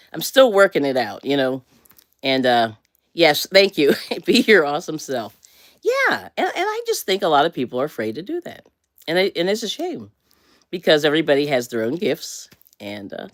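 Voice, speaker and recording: American woman on a live stream, low voice that bounces around a lot, dry close sound. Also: no echo. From USA. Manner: rambling, self-correcting, laughs often. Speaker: livestream host. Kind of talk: casual motivational livestream chat.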